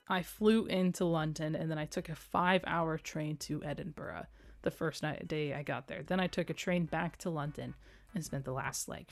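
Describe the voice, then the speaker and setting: A woman's voice: on the low side, dry recording. A young adult woman streaming, chatting casually and playfully, with frequent giggles and rambling asides. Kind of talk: casual livestream chat.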